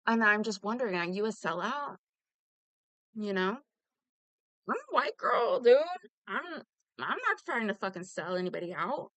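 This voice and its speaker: With a sing-song, medium-pitched, fairly bright voice and no room sound, a woman talks at a moderate pace and pauses often. Her casual direct-to-camera rant at a fellow commentator is heated, rambling, profane, and full of "like."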